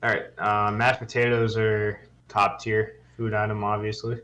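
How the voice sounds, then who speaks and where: A man's voice: lowish voice, level tone, moderate pace, bright, forceful tone, lo-fi sound. A young man co-hosting a podcast in casual chat, laid-back and teasing. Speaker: podcast co-host.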